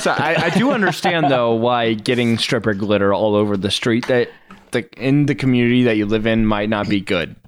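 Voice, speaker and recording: Male co-host, relaxed casual chatter, self-deprecating. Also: mid-range voice, brisk, clean tone. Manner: easygoing, stumbles over words and laughs it off. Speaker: podcast co-host. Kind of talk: casual chat.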